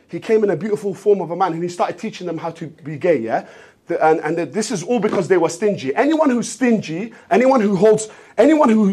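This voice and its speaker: A man telling a rambling comic story, animated and repetitive, sometimes breaking into shouts. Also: sits high, breathy edge. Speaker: streamer in a therapy skit.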